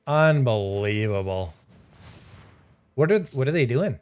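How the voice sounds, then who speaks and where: A man's voice: medium pitch, lively intonation, unhurried. A man commenting casually on his own card game, sarcastic and exasperated, laughing in disbelief. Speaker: streamer playing a card game.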